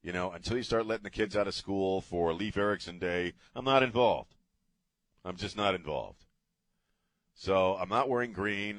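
A man's voice: deep voice, dry recording. A middle-aged man hosting a talk radio show, ranting sarcastically in a studio. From United States. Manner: sarcastic, ranting, swears casually. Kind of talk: opinionated talk radio monologue. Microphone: studio broadcast mic.

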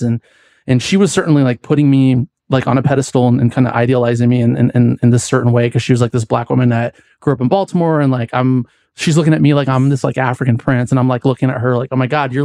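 A man's voice: medium pitch, steady tone, fast, warm tone, no echo, studio quality. A young adult man from the United States, a podcast guest telling a long personal story in casual chat, full of likes and restarts. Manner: rambling, many likes and restarts.

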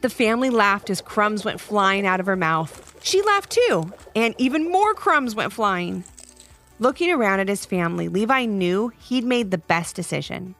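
A woman narrating a children's story podcast in an expressive read-aloud manner. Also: medium pitch, moderate pace, faint music behind.

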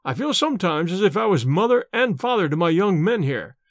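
A man's voice: high-pitched, sing-song, fairly quick, no echo, clean studio sound. A man voicing a little wrinkled old manservant who talks in an anxious, deferential way with rustic grammar, in an audiobook reading. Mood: worried.

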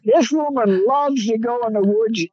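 A man's voice: extremely high pitch, moderate pace, darkish tone, no echo, highs cut off. A man telling rambling, folksy hunting stories in casual chat. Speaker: guest, coon hunter. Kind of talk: casual storytelling on a phone-in. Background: on a road, seeing a deer across it.

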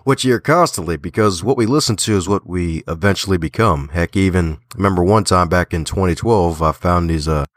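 A man's voice: low-pitched, fairly quick, hardly any pauses, dry recording. A man from Baltimore with a slight Southern twang, a guest in an interview, talking in an upbeat, folksy way and laughing often. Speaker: guest author and podcaster. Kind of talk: casual interview talk.

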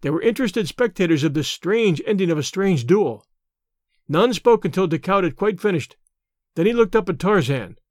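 A man narrating an audiobook adventure in a steady, clear storytelling delivery. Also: high-pitched, moderate pace, no room sound, clean studio sound. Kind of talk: scripted narration.

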